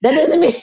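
A woman, co-hosting a casual chat, slow and emphatic and quick to laugh. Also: very high voice, darkish tone, a little hiss or hum.

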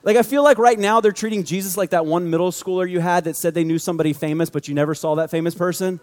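A man preaching a sermon, animated and joking, in a conversational style. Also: high-pitched, fast. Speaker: pastor. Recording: long hall reverb.

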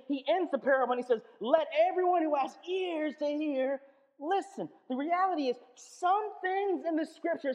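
Pastor in a church hall, lively sermon delivery, repeats and restarts, muffled lo-fi sound. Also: sits high. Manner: animated, acts out little dialogues, frequent restarts. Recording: echoey hall, dull lo-fi sound.

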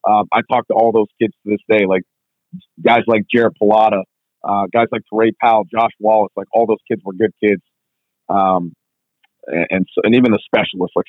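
A strength coach being interviewed, telling stories in a fast, casual way full of "like". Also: male voice, lowish voice, dry recording. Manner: fast, filler-heavy, constant "like". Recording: tinny phone-like line, dry.

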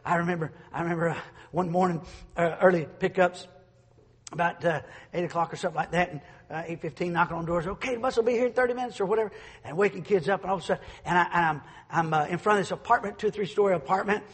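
A man preaches with a husky, forceful edge. He swings between loud declarations and hushed asides, catching on restarts along the way. His voice rings through the long reverb of a large church hall. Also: high voice, steady tone, fast talker. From North Carolina, USA. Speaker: pastor. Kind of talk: fervent sermon.

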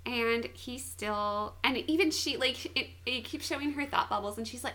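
A woman's voice: on the high side, moderate pace, hardly any pauses. A young woman co-hosting a casual podcast, giggling often as she retells a manga plot. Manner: giggly, animated storyteller. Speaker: podcast co-host.

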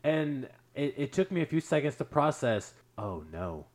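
A man's voice: on the high side, moderate pace, noisy background. Rambling man telling a story. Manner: rambling, hesitant, many fillers and restarts. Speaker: podcast storyteller. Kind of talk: casual chat, telling an anecdote.

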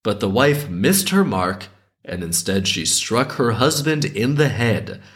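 A male host reading a dark folk tale aloud, breaking in with sarcastic, chuckling commentary. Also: medium pitch, very animated, unhurried. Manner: sarcastic asides, frequent chuckles. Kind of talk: story reading with comedic commentary.

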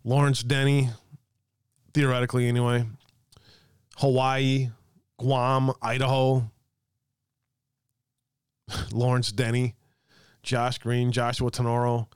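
A man's voice: medium pitch, level tone, slow, long pauses, clean tone, dry recording, clean studio sound. A man hosting an online commentary show, ranting sarcastically and reading aloud from a website with muttered asides and casual swearing. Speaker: host of a political commentary show.

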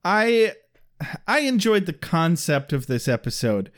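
A man with a high, bouncy voice is co-hosting a casual podcast chat. He jokes crudely and keeps slipping into quick put-on voices while he recaps a show. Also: big pitch swings. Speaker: podcast co-host.

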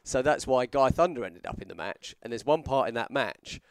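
A man's voice: mid-range voice, brisk, dry recording. Chatty man telling rambling stories. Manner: rambling storyteller, animated when quoting others. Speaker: podcast co-host, wrestler. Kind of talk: casual chat.

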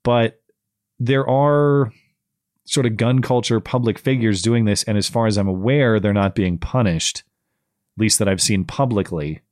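A man's voice: lowish voice, unhurried, a little mellow, dry recording, studio quality. A man hosting a call-in show, chatting casually and rambling with plenty of fillers and restarts. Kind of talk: casual chat.

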